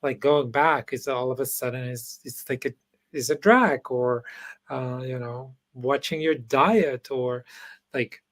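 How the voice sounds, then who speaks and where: A man hosting an interview, talking in a halting way with many restarts and fillers over a video call. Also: medium pitch, steady tone, fairly bright tone. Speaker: podcast host. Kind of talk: casual interview chat.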